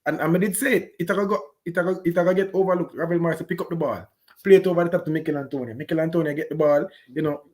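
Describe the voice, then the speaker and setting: Fast-talking Jamaican man. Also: on the high side. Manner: animated, patois-heavy storytelling. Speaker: football fan pundit. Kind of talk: post-match reaction chat.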